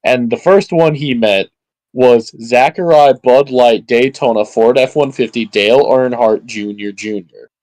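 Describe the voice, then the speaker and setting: A man's voice: mid-range voice, measured pace, darkish tone, dry recording, rough recording. A man from Michigan chatting during a group game stream, rambling and joking. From Michigan, United States. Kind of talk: casual gaming chat.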